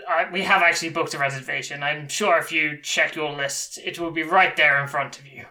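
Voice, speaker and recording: A male tabletop player speaking in character. His tone is playfully pompous. The voice is strikingly bright and a little high. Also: fairly even intonation, brisk. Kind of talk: playing a tabletop game character.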